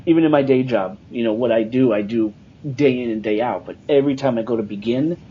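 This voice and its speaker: A man's voice: mid-range voice, quick pace. A man hosting a podcast who is nervous and self-conscious, with a nasal voice. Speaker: podcast host. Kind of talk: casual chat. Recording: dull, slightly noisy recording.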